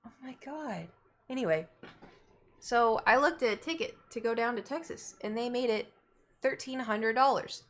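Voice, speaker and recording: Woman streamer, casual and chatty, a touch high-pitched, exasperated asides. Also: normal speed. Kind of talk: casual live-stream chat.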